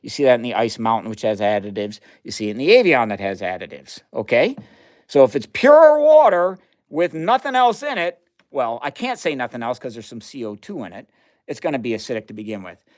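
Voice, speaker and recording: A man's voice: mid-range voice, big pitch swings, brisk, a little mellow. A man hosting a casual chemistry livestream, chatting to viewers as he runs experiments, laughing often. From United States. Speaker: livestream science host. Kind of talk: casual live demo chat.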